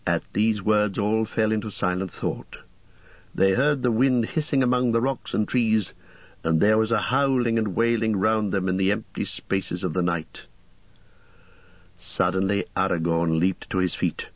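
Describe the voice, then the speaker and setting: A man narrating an audiobook in a steady, measured reading. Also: fairly low pitch, no room sound, highs cut off. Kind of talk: scripted narration.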